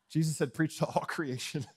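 A man preaching a sermon as pastor in a church, bold and fiery, swinging from loud proclamations to quiet asides and jokes with the congregation. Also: fairly high pitch, slightly rough. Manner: joking with the congregation. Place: church sanctuary.

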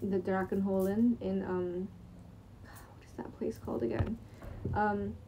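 A young woman talks in a sleep-deprived late-night ramble, full of fillers, restarts and the odd curse word. Her voice is very dark and mellow and stays fairly flat in pitch. She speaks into a computer's screen recording at home. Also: measured pace, creaky, a little hiss or hum. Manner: rambling, many fillers and restarts, casual swearing. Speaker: vlogger.

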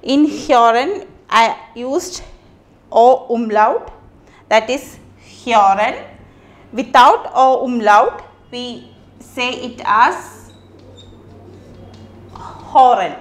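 Slow-paced teacher woman, echoey room. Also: on the high side, lively intonation. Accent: Indian English. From India. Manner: slow, repeats each word twice, pauses between phrases. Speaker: language teacher. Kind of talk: slow classroom lesson on pronunciation.

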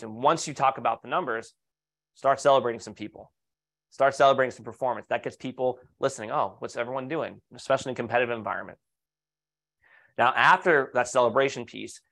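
A man's voice: mid-range voice, a bit bright. A man giving an online webinar talk on leadership as a coach, upbeat and persuasive, with rhetorical questions and client stories. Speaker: leadership coach presenting to architects.

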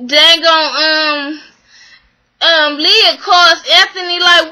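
Bright high-voiced woman recapping a show. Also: slow pace, poor audio. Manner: animated, exasperated, acts out the people she quotes; slangy, swears freely. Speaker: vlogger recapping a reality show. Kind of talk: casual recap and commentary.

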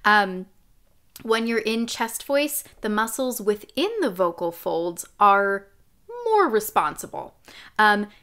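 Bright, slow-spoken woman vocal coach. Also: medium pitch, expressive. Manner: explains clearly, demonstrates sung sounds and hums. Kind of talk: live online singing lesson.

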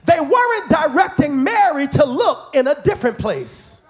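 A man with a very high voice preaching a sermon. His pitch swings widely as he moves between soft, hushed lines and sung, shouted calls to the congregation. He preaches in an emphatic call-and-response manner. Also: sing-song, normal speed. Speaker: bishop preaching.

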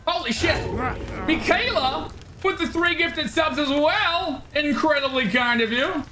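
A woman streaming a game live, excitable and trash-talking opponents while she swears and thanks her viewers. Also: sits high, measured pace, a crowd in the background. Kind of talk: live gameplay streaming commentary. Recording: game music playing underneath. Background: game music.

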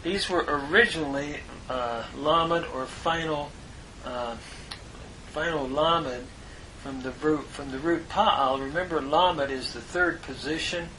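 A man giving a lesson on Hebrew grammar, speaking in a measured way with pauses and frequent "uh" fillers as he spells out terms. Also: fairly high pitch, sharp tone, poor audio. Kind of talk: slow explanatory lecture.

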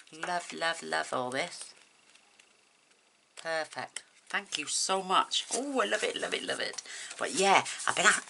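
A woman's voice: low-pitched, creaky, noisy background. A woman vlogger chatting to camera as she opens craft gifts, gushing and emotional, tearful at times. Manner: gushing and emotional, exclaiming over each item. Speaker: crafting vlogger opening happy mail. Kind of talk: casual chat to camera.

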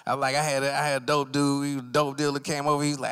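Male stand-up at an open mic, mid voice, loose profane storyteller who leaps high to play other people in his stories. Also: fast, few pauses, fairly bright tone, clean tone. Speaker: stand-up comic. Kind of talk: stand-up comedy set. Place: comedy night stage at an arts center.

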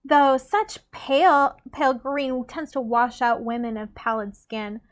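A woman's voice: high voice, measured pace. A woman reading aloud the lines of a haughty, scheming young court lady in a coy, sugary manner.

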